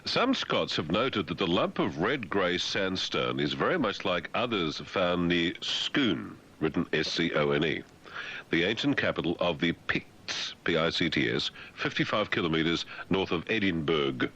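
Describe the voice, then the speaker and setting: A man's voice: low-pitched, big pitch swings, unhurried, pushed and bright, slight background noise. A male radio host reading the news in a comic way, breaking off for dry, sarcastic asides. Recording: dull lo-fi radio broadcast.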